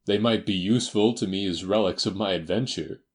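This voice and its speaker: A man voicing a shabby, learned older man who speaks slowly and picks each word with care. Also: low-pitched, natural voice. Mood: measured. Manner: slow, staccato, choosing words carefully. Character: large, down-at-heel learned older man, slow and careful.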